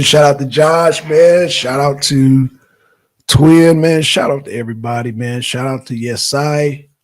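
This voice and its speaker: A man from Georgia with a Southern accent, chatting casually to viewers as the host of a political livestream. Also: mid-range voice. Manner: chatty, addresses viewers directly, gives shout-outs.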